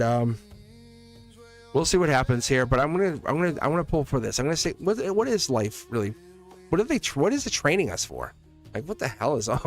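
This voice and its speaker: Give me a man at mid pitch doing a live tarot reading, chatty and rambling, cutting into his own sentences and chuckling as he goes. Soft music plays faintly behind him. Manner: rambling, restarts sentences, laughs often. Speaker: live tarot reader and channel host.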